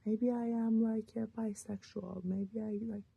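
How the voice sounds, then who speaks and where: A man's voice: high-pitched, little pitch movement, unhurried, creaky, breathy edge, no room sound, highs cut off, full character voice. A young man mimicking his ex, a young woman, in a raised, sneering, sing-song voice. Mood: whiny. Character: mocking, whiny young woman, a scornful ex.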